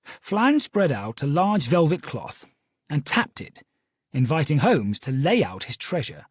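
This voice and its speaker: A man narrating a first-person audiobook with a steady storytelling delivery. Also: on the high side, unhurried, slightly rough, no echo, clean studio sound.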